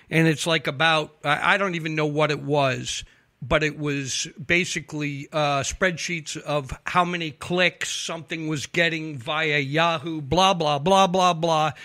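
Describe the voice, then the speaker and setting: A man spins a long, profane true-crime tale on a talk show and acts out each person he quotes. His voice sits a little high for a man. It is recorded close and dry, with no room sound. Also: normal speed, no echo. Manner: animated, profane storyteller acting out quotes. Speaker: investigative reporter guest. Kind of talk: casual storytelling on a talk show.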